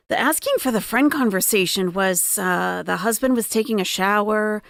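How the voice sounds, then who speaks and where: A young adult woman hosting casual reaction commentary, sarcastic and quick to laugh. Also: mid-range voice, creaky, fairly bright tone, no room sound, clean studio sound. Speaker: commentary channel host.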